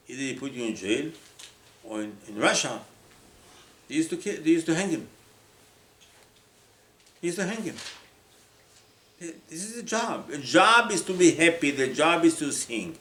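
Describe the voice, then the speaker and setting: A man's voice: on the high side, expressive, normal speed, pauses often, fairly bright tone, a little hiss or hum. A man preaching a sermon, emphatic and repetitive, often acting out the voices of the people he quotes. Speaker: rabbi. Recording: echoey room with faint ambience.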